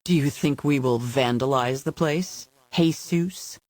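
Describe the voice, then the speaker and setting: A man's voice: medium pitch, takes it slowly, darkish tone, no echo, natural voice. Man reading as a bullying federal agent. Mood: menacing. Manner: threatening, mocking.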